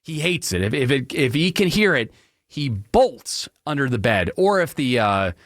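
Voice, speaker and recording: A man hosting a radio talk show alone, ranting in an opinionated, animated way about everyday gripes. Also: normal speed, no room sound, clean studio sound. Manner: animated, ranting, mocks people in high silly voices. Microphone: studio microphone.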